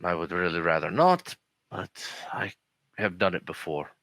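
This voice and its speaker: A man voicing a calm, matter-of-fact investigator and war veteran in a tabletop game. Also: deep voice, normal speed, no room sound, exaggerated voice. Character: steady adult male investigator, war veteran.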